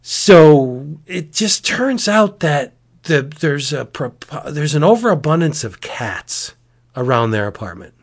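A man chatting casually as a podcast host, retelling a comic in a rambling, animated way. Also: fairly high pitch, takes it slowly. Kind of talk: casual chat.

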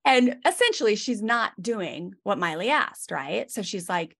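A woman who works as a parenting educator, telling stories with lively asides as a guest on a casual podcast interview. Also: medium pitch, unhurried, gravelly, slightly rough. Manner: lively storytelling with many asides.

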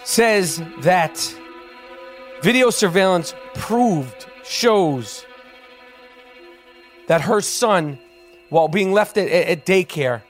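High voiced guy hosting a podcast, worked up and swearing, music under it. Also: takes it slowly, pauses often. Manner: excitable, swearing, repeats words. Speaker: podcast host. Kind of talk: loud comedic podcast banter.

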